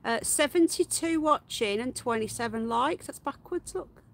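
A woman hosting a casual livestream, unwell with her voice going, chatting to viewers and cooing at her pets in a high, slow baby voice. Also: lively intonation, creaky. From United Kingdom. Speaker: livestream host. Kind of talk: casual live-stream chat. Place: garden outdoors.

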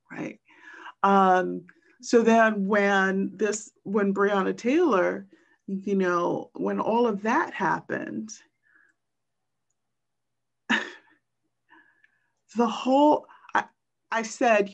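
A woman poet and teacher tells stories on a video call, slow and halting with many pauses and fillers. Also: mid-range voice, gravelly. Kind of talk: reflective storytelling in a virtual book talk.

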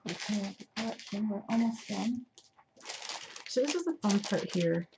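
In a noisy, dull lo-fi home recording, a woman hosts a casual craft tutorial. Her mid-range voice is animated and measured, and she's chatty and self-deprecating as she talks through her work.

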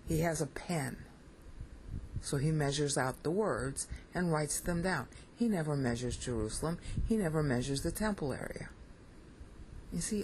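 Bible study teacher, mid-pitched voice, blunt and emphatic, keeps asking the listener "okay?". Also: gravelly, slight background noise, rough recording.

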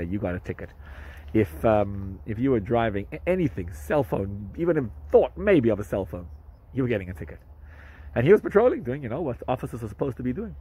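A man, a rabbi, telling a story to camera in an animated way, with hesitant restarts and fillers. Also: slightly rough, rough recording. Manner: animated, jumps up in pitch for quoted speech.

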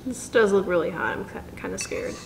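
A woman dietitian chatting casually through a home cooking vlog, self-deprecating and quick to laugh. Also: mid-range voice, gravelly, reverberant, slight background noise. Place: home kitchen.

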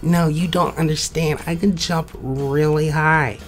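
A man voicing an eager, boastful male goat contestant in an animated game video. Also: fairly high pitch, unhurried, soft background music, natural voice. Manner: boastful, excited.

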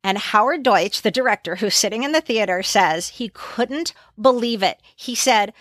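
A woman's voice: on the high side, normal speed, no echo, studio quality. A woman co-hosting a pop culture podcast, telling film trivia in casual chat and acting out the lines. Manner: animated storyteller who acts out quotes. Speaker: podcast co-host.

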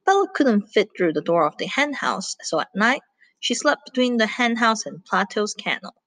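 Animated woman reading a children's story. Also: a little high, moderate pace, no room sound. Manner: animated, asks listeners questions. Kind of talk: children's story read-aloud.

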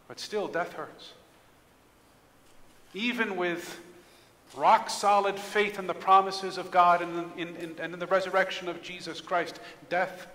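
A male pastor delivers a sermon with a high, bright, forceful voice. He swings from hushed near-whispers to ringing proclamations, and a long reverb trails his words around the church. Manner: impassioned, swinging between hushed and loud delivery.

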